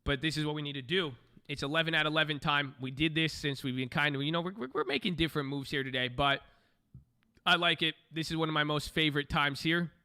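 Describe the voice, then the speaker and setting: A man's voice: a little high, fast, pushed and bright, clear, resonant tone. A man giving loose, joking commentary while streaming live trades, often swearing and thinking aloud. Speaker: live stock-trading streamer.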